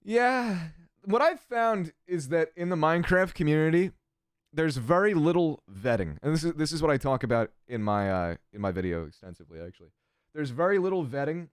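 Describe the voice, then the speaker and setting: A man's voice: on the high side, lively intonation, fairly quick, clear, resonant tone, dry recording, studio quality. A man casually reading chat on his livestream, sardonic and crass, swearing freely.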